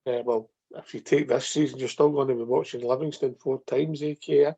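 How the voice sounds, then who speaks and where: A man's voice: mid-range voice, steady tone, fairly quick, creaky, dark tone, husky. A Scottish man hosting a football phone-in show, chatty and tagging "mate" onto his sentences. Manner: chatty, says mate constantly. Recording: dull lo-fi phone-in audio.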